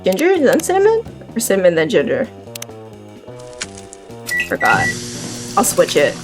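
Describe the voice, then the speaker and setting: A young woman playing a game and commenting in an excitable, chatty way. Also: medium pitch, a little slow. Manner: excitable, chatty, gasping and laughing. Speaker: let's play gamer. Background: game music.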